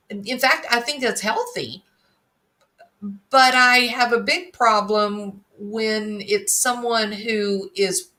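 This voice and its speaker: Woman, unhurried speech, bright tense tone, scornful, emphatic commentary. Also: mid-range voice. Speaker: true crime commentator. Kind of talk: opinionated solo commentary.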